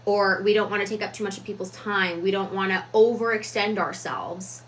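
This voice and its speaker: A woman giving a reflective, casual talk on personal growth, deliberate with frequent fillers. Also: medium pitch, fairly bright tone, a little hiss or hum, low-quality recording. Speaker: self-improvement vlogger.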